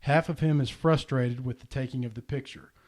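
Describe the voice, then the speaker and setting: A man telling a heartfelt personal story in a casual podcast chat, earnest and animated. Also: medium pitch, brisk. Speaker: podcast host.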